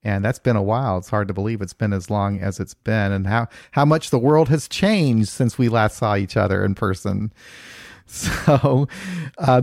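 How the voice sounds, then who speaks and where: A man from the Kansas City area hosting a podcast, easygoing and quick to chuckle. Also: medium pitch, darkish tone, dry recording, studio quality. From Kansas City area, USA. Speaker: podcast host. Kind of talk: casual podcast interview.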